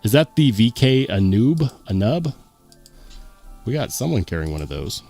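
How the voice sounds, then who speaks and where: A man's voice: medium pitch, normal speed, faint music behind. A man hosting a casual livestream, reading viewer comments aloud and chatting as he goes. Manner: lively, chatty, muses aloud. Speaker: host.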